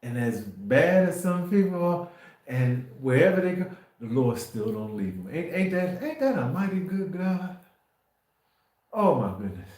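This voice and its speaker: A man preaching informally on a livestream, rambling and restarting, swinging from quiet asides to emphatic declarations. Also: fairly high pitch, very animated, measured pace, heavy reverb. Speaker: faith livestream host.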